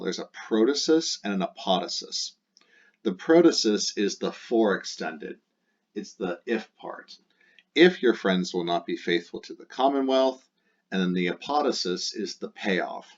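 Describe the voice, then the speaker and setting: A man teaching Latin, working methodically through exercise sentences step by step, with frequent fillers. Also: low-pitched. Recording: dull lo-fi recording.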